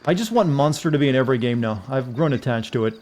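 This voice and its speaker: A man's voice: medium pitch, lively intonation, fast talker, a little mellow. A sleepy man streaming a game, rambling and joking in casual commentary. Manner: rambling, joking, self-deprecating. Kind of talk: casual commentary over gameplay.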